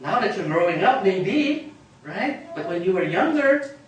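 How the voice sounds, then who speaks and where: A man with a Filipino accent preaching a sermon as pastor, animated and questioning his congregation, sometimes slipping into Tagalog phrases. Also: high-pitched, unhurried, a little hiss or hum. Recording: very echoey hall, distant mic.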